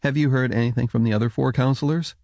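A man voicing the measured, diplomatic head of a scholarly order. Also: medium pitch, no echo, pitched above the performer's own voice, close to an everyday voice. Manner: calm, careful, diplomatic.

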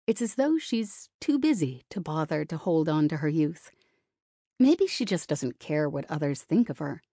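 A woman's voice: lowish voice, dark tone, slightly rough, no echo, studio quality. A woman reading a novel in the first person, wry and self-conscious in tone. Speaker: audiobook narrator.

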